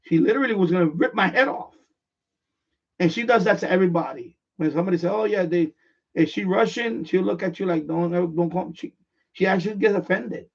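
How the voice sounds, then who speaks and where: This live-stream host has a high, gravelly voice and a brisk pace as he tells a repetitive, rambling story with frequent restarts in casual chat. The sound is dull lo-fi, recorded far from the mic.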